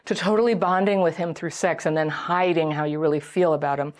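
Animated, lower-pitched woman giving advice. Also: fairly quick. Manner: animated, acts out quoted voices, laughs often. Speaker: self-help video host. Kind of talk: casual advice talk to camera.

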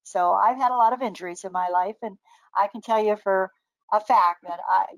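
An older woman chats as a guest, spinning animated stories and slipping into the voices of the people in them. Her voice sits mid-range and sounds dry and close. She laughs easily between lines. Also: medium pitch, normal speed, dry recording, rough recording. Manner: lively anecdotal, laughs often, acts out quoted voices. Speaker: guest naturopathic doctor. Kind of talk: casual storytelling.

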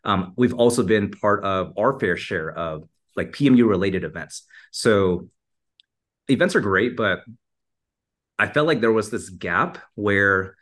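Here the marketing entrepreneur talks in a fairly low, expressive voice that's a little slow and fairly bright in tone. It's a relaxed podcast interview, and he stays upbeat while filling his speech with "like" and "you know."

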